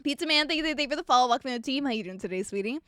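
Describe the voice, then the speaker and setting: Young woman streamer, high and dry-sounding, foul-mouthed and animated, reads her chat. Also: very fast, clean tone, dry recording. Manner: animated, swearing, ranting storyteller; reads and answers chat messages. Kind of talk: casual live-stream chat.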